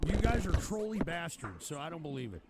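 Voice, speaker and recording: A man's voice: on the high side, sing-song, brisk. A man hosting a live stream, exasperated and profane, swearing constantly while drinking whisky. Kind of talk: casual livestream rant. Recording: loud background noise.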